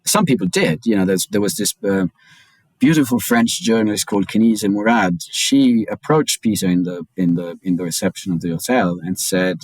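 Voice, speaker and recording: Guest journalist: deep-voiced man, quick and stammering storyteller. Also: no echo, poor audio. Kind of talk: casual interview chat.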